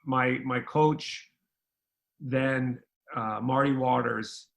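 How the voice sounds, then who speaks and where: A man's voice: medium pitch, extremely slow, creaky. A middle-aged man who grew up between Ireland and the United States, telling stories in a casual interview and acting out the voices of people in them. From Ireland, raised in the United States. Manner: animated storyteller who acts out quoted voices. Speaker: interview guest, former pro basketball player.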